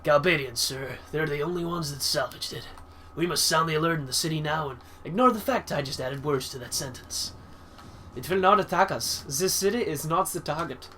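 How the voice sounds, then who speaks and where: A man voicing a gruff male soldier who gives clipped military reports. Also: on the high side, a little fast, bright, forceful tone, slight background noise. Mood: urgent.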